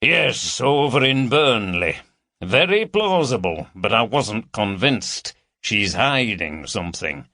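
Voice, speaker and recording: A man voicing a brisk, matter-of-fact male police detective in a crime story. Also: fairly low pitch, big pitch swings, sharp tone, no echo, clean studio sound, heavily acted.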